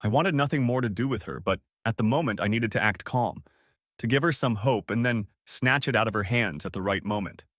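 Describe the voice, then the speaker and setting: A man's voice: on the low side, brisk, a bit bright, dry recording, studio quality. A man reading a first-person revenge story aloud in a cold, bitter tone. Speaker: narrator.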